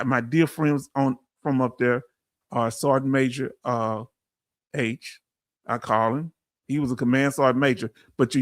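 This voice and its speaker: Texan host, middle-aged, Southern drawl, fairly high voice, dry close sound, easygoing chat with viewers. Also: male voice, dry recording. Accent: Southern US, Texas. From Texas. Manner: folksy, animated, talks straight to the chat. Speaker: livestream host for veterans. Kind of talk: casual livestream chat reading the chat.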